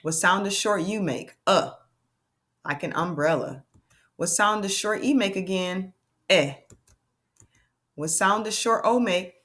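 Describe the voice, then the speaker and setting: Sounding out letters slowly, this teacher encourages small children through a phonics lesson with plenty of cheering. She has a somewhat bright, medium-pitched voice.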